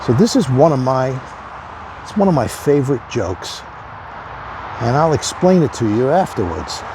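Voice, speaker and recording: A man's voice: medium pitch, very animated, normal speed, noisy background. A man giving a motivational talk on addiction recovery, conversational and emphatic, repeating key phrases.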